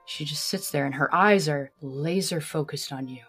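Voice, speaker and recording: A woman narrating a tabletop game as game master, describing scenes slowly in the second person. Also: deep voice, a bit bright, breathy edge, faint music behind.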